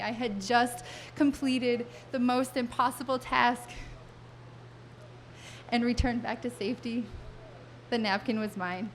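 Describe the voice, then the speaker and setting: A woman's voice: fairly high pitch, a little hiss or hum. Wry woman telling a comic story onstage. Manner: wry, vivid and self-mocking, with dramatic pauses. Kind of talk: comic personal storytelling on stage. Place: live stage event before an audience.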